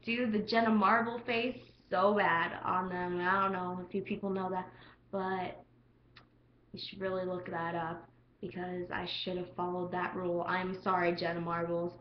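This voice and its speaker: A teenage girl telling a story in a casual vlog, chatty and full of "like," acting out quotes with big jumps in pitch. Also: roomy sound, muffled recording, a little hiss or hum. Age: teens. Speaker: vlogger.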